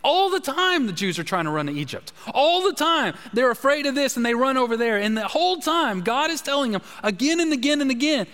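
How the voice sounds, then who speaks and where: A man's voice: extremely high pitch, sing-song, fairly quick, hardly any pauses, fairly bright tone, a little hiss or hum. A man preaching a sermon as pastor, emphatic and repetitive, often restarting his phrases. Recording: long hall reverb.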